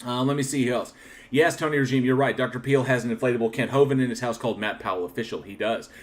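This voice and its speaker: A man's voice: medium pitch, fast talker. A man hosting a livestream, chatting casually and thanking viewers one by one, with frequent restarts and a candid, reflective manner. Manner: reflective and candid about his channel. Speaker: livestream host. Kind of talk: casual live-chat shoutouts.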